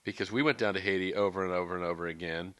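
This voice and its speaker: A man co-hosting a relaxed faith podcast, chatting, joking lightly and reading verses aloud. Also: sits low, very fast, smooth, no echo. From California. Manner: conversational, reads scripture aloud, jokes lightly. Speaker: podcast co-host. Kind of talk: casual faith discussion.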